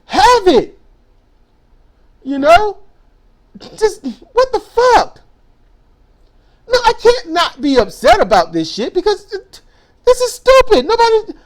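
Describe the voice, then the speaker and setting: A woman ranting angrily in a vlog. She swears a lot, hammers her points, and stumbles over repeated words when worked up. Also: high voice. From United States. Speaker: YouTuber.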